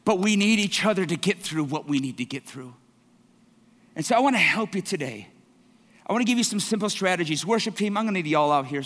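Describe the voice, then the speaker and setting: A male pastor giving an earnest sermon, moving from soft, quiet passages to impassioned, repeated declarations. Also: high-pitched. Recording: church hall with long reverb, worship music behind. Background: instrumental worship music.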